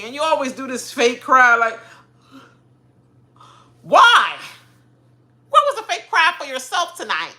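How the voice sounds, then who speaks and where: Bright-voiced woman ranting about reality TV. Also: high voice, unhurried. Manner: animated, laughing, mocking quoted voices. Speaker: reality show reaction host. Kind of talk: casual ranting commentary.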